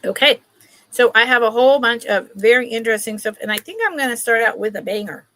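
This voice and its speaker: A woman's voice: on the high side, animated, fast, a bit bright, dry recording. A woman hosting a casual live-stream sale, chatting with viewers by name while she shows pieces. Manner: chatty, greets viewers by name, talks while handling items.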